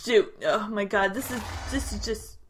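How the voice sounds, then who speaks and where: A woman hosting her own game let's play, chattering in a hyper, excitable way as she plays at her home computer. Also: mid-range voice, normal speed, faint music behind. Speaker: gaming channel host. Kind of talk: Minecraft let's play commentary. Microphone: headphones with desk mic.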